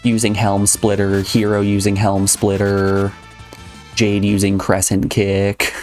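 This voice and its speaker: Man, streamer, casual rambling chat, lowish voice, faint game music behind. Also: completely flat delivery, slow pace, a little mellow. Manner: rambling, chatty, addresses chat. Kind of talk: casual live gameplay chat.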